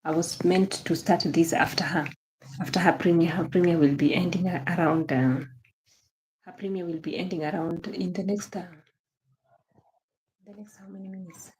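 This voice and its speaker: A woman's voice: lowish voice, steady tone, normal speed, pauses often, a little mellow, a little hiss or hum. A young Kenyan woman hosting a casual livestream, greeting viewers by name and gushing praise and thanks, repeating her phrases. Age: young adult. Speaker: livestream host.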